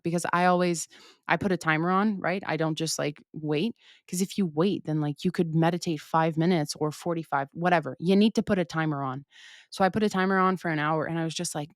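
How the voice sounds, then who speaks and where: A woman's voice: on the low side, brisk, no echo, studio quality. A young woman hosting her own podcast, talking casually and candidly, cursing often and acting out her own thoughts. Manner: chatty, frequent cursing, acts out her own inner voice. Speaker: podcast host. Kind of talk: casual solo chat.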